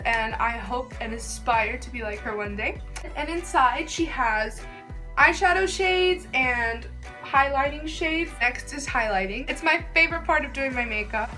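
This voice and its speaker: With a bright, forceful tone and a high voice, a young woman walks through a makeup tutorial as a beauty vlogger. She chats casually, gushes, and keeps saying "like."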